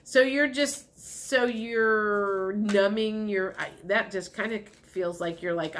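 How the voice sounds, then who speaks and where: A woman's voice: mid-range voice, slow, hardly any pauses, fairly bright tone. A woman giving a casual spoken tarot reading, rambling and chatty with many fillers and light laughs. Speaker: tarot reader.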